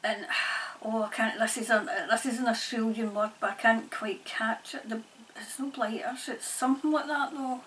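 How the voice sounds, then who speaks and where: A woman giving a spirit-channelling reading in halting, repetitive, murmured phrases. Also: on the high side, steady tone, a bit bright. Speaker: tarot reader and medium. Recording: distant mic, faint background noise.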